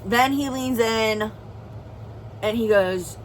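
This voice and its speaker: A woman's voice: medium pitch, measured pace, fairly bright tone, slight background noise, rough recording. A young woman vlogger telling a serious personal story in an earnest, rambling way, full of "like" and "well". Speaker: family vlogger.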